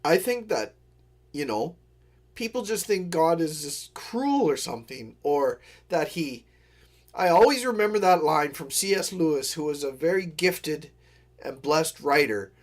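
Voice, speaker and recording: A man's voice: fairly high pitch, expressive, unhurried. A man hosting a live stream, telling a story in a casual, earnest way with digressions and apologetic asides. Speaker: livestream host.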